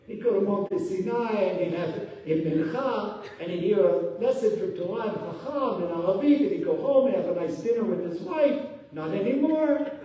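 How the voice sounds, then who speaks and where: A rabbi giving a Torah lesson, telling stories with lively voiced quotes. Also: male voice, sits high. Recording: echoey hall from far off.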